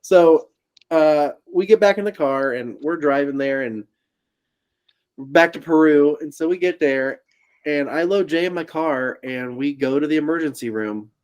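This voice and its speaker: A man's voice: on the high side, a little slow, smooth. A man from Indiana co-hosting a podcast, telling a story in casual chat. He laughs often as he talks and acts out the people in it. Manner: laughs often through his own story. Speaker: podcast co-host.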